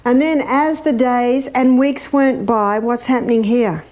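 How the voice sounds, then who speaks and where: Older woman, health educator, warm mellow tone, lively and questioning. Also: fairly high pitch, unhurried. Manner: lively, imitates bird laughs, asks the audience questions. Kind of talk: animated teaching talk.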